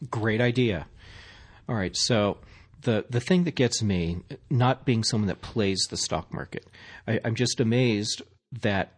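A man from Missouri co-hosting a tech news podcast, reading stories plainly with joking asides. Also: lowish voice. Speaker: podcast co-host.

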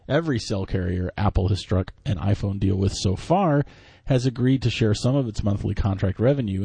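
A man co-hosting a tech news podcast, reading headlines and explaining things in a relaxed way with restarts. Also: fairly low pitch, breathy edge, no echo. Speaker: podcast co-host.

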